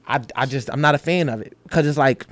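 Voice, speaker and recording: A man with a Philadelphia accent, a podcast guest in casual conversation, talking in an animated, profane street style and acting out quoted voices. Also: medium pitch, fast, dry recording.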